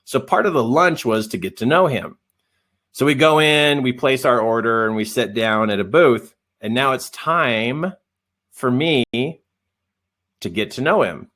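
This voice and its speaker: A man coaching in a live webinar, telling a story in an animated, self-deprecating way and acting out the dialogue. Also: medium pitch.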